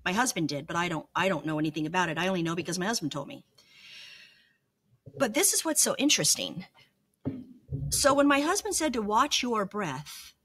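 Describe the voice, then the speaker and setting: A woman's voice: lowish voice, big pitch swings, brisk, long pauses, fairly bright tone, slightly rough. A middle-aged woman telling an earnest, emotional personal story in a vlog. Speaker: vlogger.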